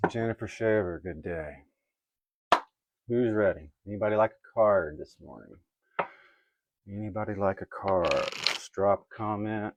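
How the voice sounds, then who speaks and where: A man's voice: lowish voice, measured pace, long pauses, noisy background. A man giving live oracle card readings to viewers he greets by name, casual and swearing now and then. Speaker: livestream card reader.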